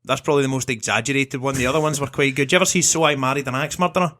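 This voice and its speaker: A man's voice: mid-range voice, fairly even intonation, racing, a bit bright. A young man co-hosting a comedy podcast, swearing and joking in casual banter. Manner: sweary, jokey, laughs often. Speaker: podcast co-host.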